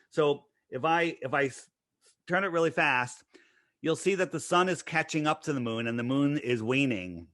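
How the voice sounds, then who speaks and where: Man, interview guest: insistent, piles up rhetorical questions; bright, forceful tone, dry close sound. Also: medium pitch, no echo. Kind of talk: conversational explanation.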